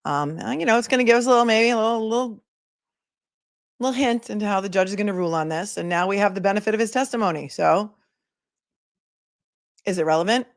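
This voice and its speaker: A woman's voice: medium pitch, fast, pauses often, no room sound, clean studio sound. A middle-aged woman attorney hosting a casual livestream, chatting and reading viewer comments aloud.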